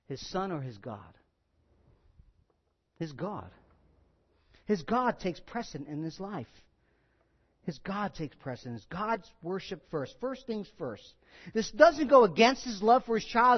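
A man preaching with a notably high voice, dropping to near-whispers and then swelling loud. He is emphatic and repeats himself, talking to the congregation like a conversation. The recording is dull and lo-fi. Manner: emphatic, repetitive, swings from hushed to loud; conversational, asks the congregation questions. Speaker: pastor. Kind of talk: sermon.

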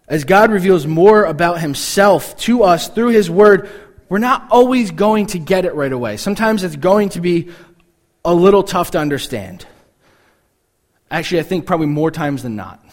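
A man preaching a casual, conversational sermon, often acting out the reactions of listeners in short quoted asides. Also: high-pitched. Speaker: pastor.

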